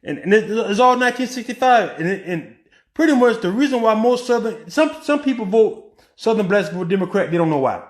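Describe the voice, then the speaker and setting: A man speaking in a high voice, giving casual political commentary. He talks in an animated way, fires off rhetorical questions and restarts his sentences often. The room around him is echoey. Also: a little fast. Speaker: vlogger.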